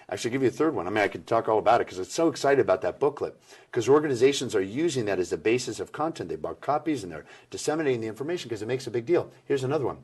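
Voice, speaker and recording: Animated, husky-voiced man. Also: mid-range voice. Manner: animated, acts out quoted people. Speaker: workplace communication speaker. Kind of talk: interview answers.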